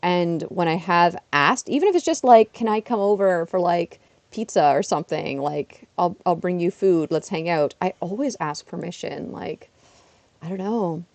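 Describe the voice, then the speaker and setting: A woman chatting casually on a livestream while playing a game, self-deprecating and bursting into excited exclamations. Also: fairly low pitch, moderate pace, no echo. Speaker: streamer. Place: her apartment.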